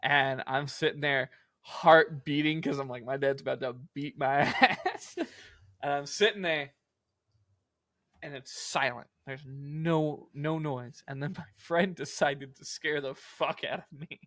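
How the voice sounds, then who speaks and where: Young male co-host, slightly high voice, rambling profane storyteller, dry close sound. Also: fairly even intonation, a little slow, a bit bright, dry recording. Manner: rambling, profane, lots of fillers. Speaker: podcast co-host. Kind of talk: casual storytelling chat.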